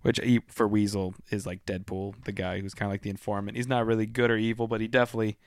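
A man's voice: fairly low pitch, flat delivery, fast, smooth, dry recording, studio quality. A young man co-hosting a casual podcast chat, laid-back and joking, often trailing off and restarting his sentences.

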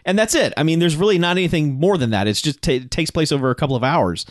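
A man's voice: a little high, quick pace, hardly any pauses, no echo, studio quality. A man co-hosting a podcast, reviewing a film in rambling, profane, enthusiastic chat. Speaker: podcast co-host. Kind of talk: casual movie review chat.

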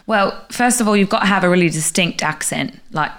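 A woman playing a blunt, crude female tiger widow in an improvised comedy podcast, talking in a deadpan way. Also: mid-range voice, brisk, close to an everyday voice. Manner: deadpan, crude trash talk.

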